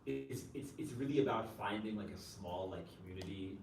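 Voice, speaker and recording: A man's voice: fairly low pitch, a little fast, creaky. Man chaplain talking in a roomy hall. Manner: conversational, leans on "like" and "you know", rhetorical "right?". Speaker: chaplain and guest speaker. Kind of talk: answering an audience question at a campus talk. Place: campus event room. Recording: roomy, distant, faint noise.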